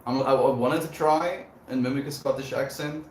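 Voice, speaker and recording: Here a man reads viewer messages on his livestream, chatting casually and warmly with a relaxed air. He speaks at a moderate pace with medium pitch and fairly even intonation; the room echoes and there's slight background noise.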